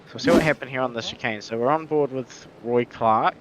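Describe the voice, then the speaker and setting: A man commentating a sim race live, chatty and quick with frequent restarts, his voice going hoarse. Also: medium pitch, highs cut off. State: losing his voice. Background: race car engine noise.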